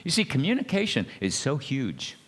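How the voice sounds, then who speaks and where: A man, an ordained minister, giving a folksy, anecdotal talk at a church marriage seminar and gently teasing his audience. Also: mid-range voice, huge pitch swings, normal speed. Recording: reverberant hall sound.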